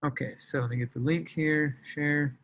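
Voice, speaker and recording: Energetic man coaching on a team call. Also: fairly high pitch, normal speed, dull audio. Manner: energetic, casual, shouts out names. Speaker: sales team leader.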